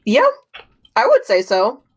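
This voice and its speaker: A woman's voice: fairly high pitch, huge pitch swings, takes it slowly, husky. A woman playing a tabletop game, casual and blunt with hesitant fillers and some swearing. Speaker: player.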